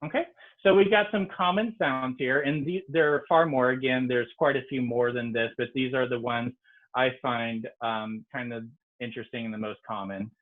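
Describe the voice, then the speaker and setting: A man's voice: medium pitch, fairly even intonation, normal speed. A man, a native English speaker, teaching an online French lesson in a casual, explanatory way with frequent ums. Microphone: video call. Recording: tinny video-call audio.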